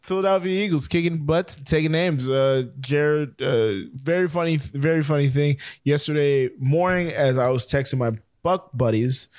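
A man co-hosting a casual sports chat, rambling and excitable, with plenty of fillers and restarts. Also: fairly high pitch, normal speed, few pauses, no echo, clean studio sound. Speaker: podcast co-host.

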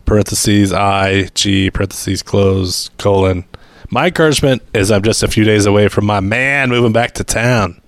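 A low male voice with a gravelly fry in it, trading dry, teasing remarks with his podcast co-hosts. He talks in a relaxed, offhand way. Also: moderate pace, dry recording. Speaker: podcast co-host. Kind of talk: casual banter among friends.

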